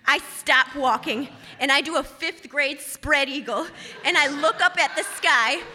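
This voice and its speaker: A woman with a high, very bright voice tells a comic personal story on stage. She is animated and self-mocking. The sound carries the long reverb of a big hall. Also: measured pace, slight background noise.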